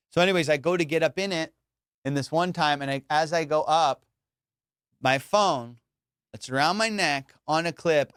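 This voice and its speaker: A young man hosting a podcast, telling a story in an animated, casual way, swearing and saying "dude" and "bro" a lot. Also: a little high, clean tone, no room sound, studio quality. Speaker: podcast host.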